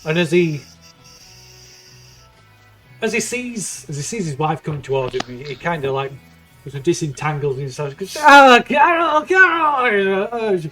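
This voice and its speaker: Game master guy narrating, kinda high voice, lots of ums and restarts, music low behind. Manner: halting, full of ums and restarts.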